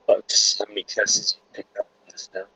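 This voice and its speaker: A man's voice: lowish voice, completely flat delivery, moderate pace, creaky, bright, forceful tone, slightly rough, rough recording. A man taking part in a tabletop game in an easygoing way. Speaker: player. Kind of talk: casual tabletop play.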